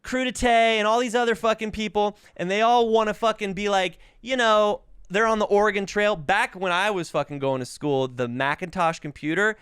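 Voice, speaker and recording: A man's voice: sits high, moderate pace, few pauses, smooth, dry recording, studio quality. A man in his thirties hosting a podcast, telling stories in casual, profane chat, ill with covid and coughing. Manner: profane, animated, mimics voices in quotes. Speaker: podcast host. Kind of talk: casual comedic storytelling.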